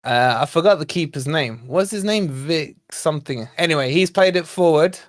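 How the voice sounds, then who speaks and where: A man hosting a live fan watch-along, commentating on play and chatting with viewers, excitable and quick to shout at near misses and fouls. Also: a little high. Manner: chatty, talks to viewers and co-host. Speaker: fan channel host.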